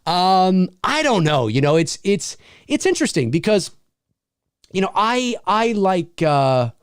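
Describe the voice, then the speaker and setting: A man's voice: high-pitched, sing-song, a little slow, clean tone, dry recording, studio quality. A man hosting a casual livestream Q&A, reading viewer comments aloud, swearing freely and laughing often. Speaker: channel host answering viewer questions.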